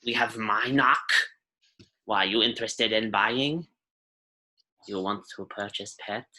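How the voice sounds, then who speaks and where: Man doing a grizzled old alien shop lady, cranky, broken clipped speech, husky. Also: on the low side, slow pace, sharp tone, full character voice. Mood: gruff.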